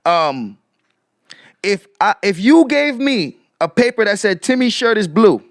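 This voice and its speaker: Animated man posing rhetorical questions. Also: high-pitched, a little slow, no room sound, studio quality. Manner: repeats rhetorical questions to viewers; shouts out chat viewers. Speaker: commentary streamer. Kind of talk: casual live commentary.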